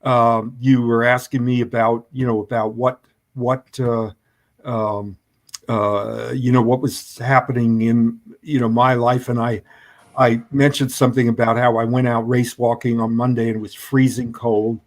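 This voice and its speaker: A man speaking as a guest in a discussion, who talks haltingly with many hesitations and restarts. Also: mid-range voice, level tone. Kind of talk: conversational debate.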